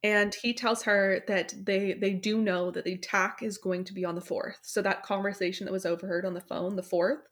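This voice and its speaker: A woman's voice: mid-range voice, flat delivery, normal speed, hardly any pauses. Casual woman recapping a story. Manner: storytelling recap with many fillers, acts out quotes. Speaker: book club podcast host summarizing the plot.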